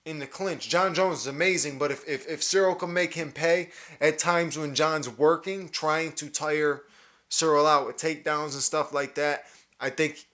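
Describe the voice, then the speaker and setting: Excited man breaking down a fight. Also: fairly high pitch, normal speed. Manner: enthusiastic, repeats words and restarts often. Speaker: podcast host.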